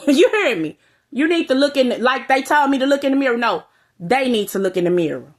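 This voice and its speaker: A woman's voice: high-pitched, fast talker. Blunt, profane woman ranting to camera. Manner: blunt, profane, calls out listeners with "you hear me?". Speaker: vlogger. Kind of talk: direct-to-camera rant.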